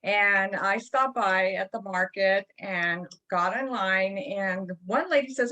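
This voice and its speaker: A woman on a video call tells a personal story in a rambling way. She stops often with ums and restarts. Her voice sits at an ordinary middle pitch. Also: a little slow, hardly any pauses, bright, forceful tone, muffled recording. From California. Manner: rambling, hesitant, many ums. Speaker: participant on a coaching call.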